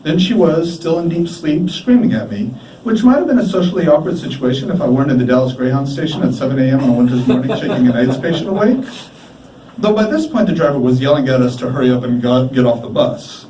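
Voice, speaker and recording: A man giving a live reading of his prose, measured and deliberate, with dramatic pauses. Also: medium pitch, lively intonation, warm tone, slight background noise. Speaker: writer reading his work. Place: bar, live event. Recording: echoey bar from a distant mic. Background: faint room ambience.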